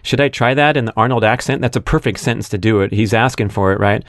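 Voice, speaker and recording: A man's voice: lowish voice, quick pace, hardly any pauses, a bit bright, no room sound, studio quality. Chatty man hosting a podcast. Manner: chatty, with frequent fillers and amused asides. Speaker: podcast host. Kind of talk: casual solo podcast monologue.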